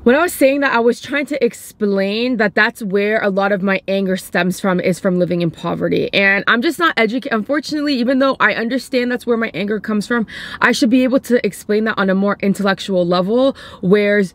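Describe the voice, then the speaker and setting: A woman's voice: mid-range voice, a little fast, no echo. A young woman giving casual reaction commentary as a YouTuber, hesitant and often restarting as she searches for words.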